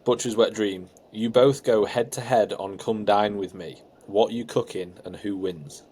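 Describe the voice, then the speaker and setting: Young man, lowish voice, laid-back, lots of likes and ums, faint hiss. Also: unhurried, warm tone. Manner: rambling, filler-heavy, laid-back. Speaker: podcast co-host. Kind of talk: casual chat.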